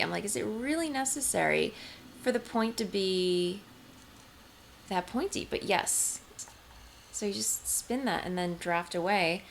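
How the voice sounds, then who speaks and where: Woman, home craft vlog host, casual rambling chat, gravelly fry, faint background noise. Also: on the low side, a bit bright. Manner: chatty, rambling, many ums and restarts. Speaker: knitting podcast host. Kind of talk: casual show-and-tell vlog. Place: home, seated indoors.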